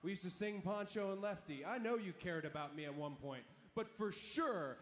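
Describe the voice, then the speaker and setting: A man cutting an arena wrestling promo over a handheld mic, mocking and emphatic, sometimes shouting. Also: high voice, moderate pace. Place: large indoor arena. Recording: echoey arena broadcast audio with noise.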